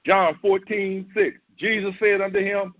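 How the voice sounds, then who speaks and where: A man's voice: high voice, flat delivery, a little slow, no echo, muffled recording. A man preaching a sermon as pastor, talking in an emphatic, conversational way that repeats phrases for stress.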